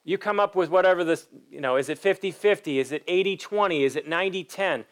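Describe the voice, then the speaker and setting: A pastor with a high, fast voice preaches a sermon emphatically and directly, firing pointed questions at his listeners. He acts out the quoted voices in the story he tells.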